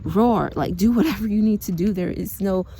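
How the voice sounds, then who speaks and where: A young woman talking in a casual, rambling spiritual monologue, earnest and quick to laugh, with lots of "like" fillers. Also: medium pitch, fairly even intonation, dark tone, a little hiss or hum. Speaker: spiritual vlogger.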